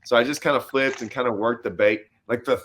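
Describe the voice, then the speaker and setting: Man in a relaxed conversational chat, talks like a pro angler, spins a long story, acts out the quotes in his tale. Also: medium pitch, a little fast, a little hiss or hum. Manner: animated storyteller who acts out his own and others' quoted lines. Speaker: host and professional bass angler.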